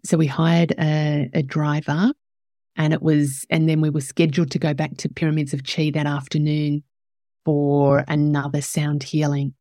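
A woman's voice: low-pitched, level tone, moderate pace, dark tone, dry recording, studio quality. A woman hosting a podcast, telling a personal story in an emotional, candid way and growing teary as she talks. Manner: emotional, tearful at moments, candid with swearing. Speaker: podcast host.

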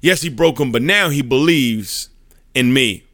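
A man voicing a calm, humble defender who pleads softly before a judge. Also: medium pitch, unhurried, dry recording, clean studio sound. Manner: soft, pleading.

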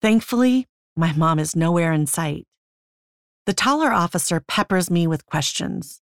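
Woman narrating her memoir audiobook, gravelly and low, with a tense, intimate read on a dry close mic. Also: animated, measured pace, no room sound. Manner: tense, intimate first-person reading.

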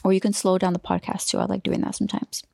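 A woman's voice: medium pitch, level tone, fast, gravelly, warm tone, no room sound, studio quality. A woman hosting a solo coaching podcast, talking loosely with restarts and now and then dropping into a whisper. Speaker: podcast host and life coach.

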